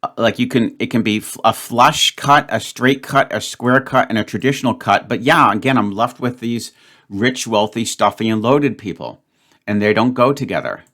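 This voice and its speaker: A man's voice: medium pitch, animated, moderate pace, fairly bright tone. A man hosting his own puzzle channel, thinking aloud as he solves a word game and grumbling at himself. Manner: thinks aloud, frustrated, muttering self-talk. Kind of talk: solo puzzle-solving commentary.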